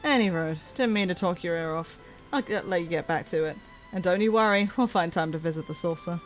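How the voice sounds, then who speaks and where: A woman's voice: on the low side, fairly quick, close to an everyday voice. Woman reading male workman, reminiscing, plain read, faint music behind. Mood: fond. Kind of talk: reading game dialogue aloud.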